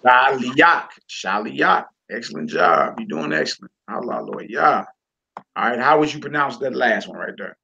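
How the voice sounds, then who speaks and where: A man's voice: medium pitch, expressive, moderate pace, gravelly, bright, forceful tone, muffled recording. A man teaching a reading lesson, patient and encouraging, repeating words and checking in with the learner often.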